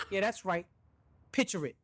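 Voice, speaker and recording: A man's voice: high voice, a bit bright, a little hiss or hum, full character voice. A synthetic male voice playing a brash, profane AI mobster character, boastful and hyped-up in comic banter.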